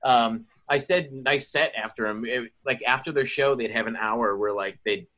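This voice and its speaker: A man telling stories in casual podcast chat, profane and animated. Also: medium pitch, normal speed.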